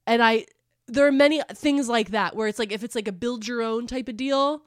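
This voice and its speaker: A woman's voice: fairly high pitch, normal speed, no room sound, studio quality. Giggly, teasing woman podcast co-host. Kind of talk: casual chat.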